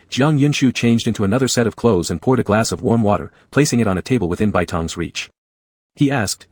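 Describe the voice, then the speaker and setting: Low husky male narrator. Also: expressive, fairly quick, a little mellow, no echo, clean studio sound. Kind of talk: scripted story narration.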